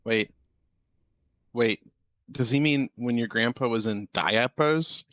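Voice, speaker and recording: A man's voice: mid-range voice, takes it slowly, a bit bright, no room sound. A man co-hosting a movie watch-along, playful and chatty, who explains things at length with lots of fillers. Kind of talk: casual chat over a movie.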